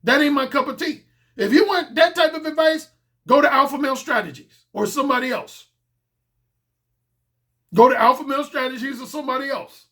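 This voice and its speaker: A man's voice: very high-pitched, a little fast, pauses often, pushed and bright. A middle-aged man giving a blunt, emphatic solo commentary as a dating coach, repeating his points for stress.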